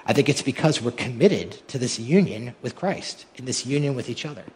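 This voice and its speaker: A man's voice: medium pitch, expressive, fairly quick, a little hiss or hum. A male pastor preaching a sermon with rhetorical questions that build to emphatic peaks. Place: large church hall. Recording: long hall reverb.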